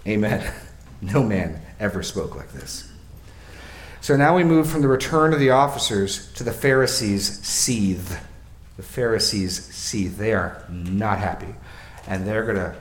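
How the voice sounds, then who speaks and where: Man preaching thru a bible passage, goes quiet then loud on the quotes, roomy echo. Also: lowish voice, slight background noise. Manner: swings from quiet and slow to loud and emphatic, with acted-out quotes. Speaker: pastor. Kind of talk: expository sermon.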